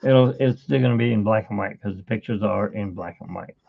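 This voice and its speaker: A man's voice: fairly low pitch, a little fast, gravelly, breathy edge. A middle-aged man hosting a live drawing stream, chatting in a rambling, storytelling way, in tinny phone-like livestream audio. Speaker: art livestream host. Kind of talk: casual live drawing chat.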